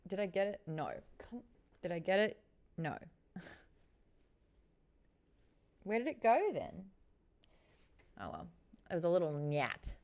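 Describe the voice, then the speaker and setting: A young woman with an Australian accent, hosting a book club livestream in chatty, offhand talk full of quick asides. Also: fairly low pitch, big pitch swings, a little mellow. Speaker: host of a book club stream. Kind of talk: casual livestream chat.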